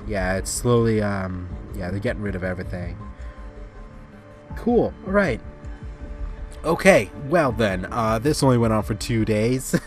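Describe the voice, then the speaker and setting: A man hosting a gaming channel, giving rambling casual commentary with sudden excited outbursts at the game. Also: lowish voice, moderate pace, few pauses, soft background music.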